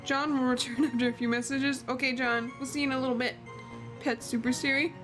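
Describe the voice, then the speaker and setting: A woman's voice: high voice, level tone, fairly quick, music in the background. A woman streaming a game, chatting casually and laughing often and awkwardly. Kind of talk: casual let's-play chat.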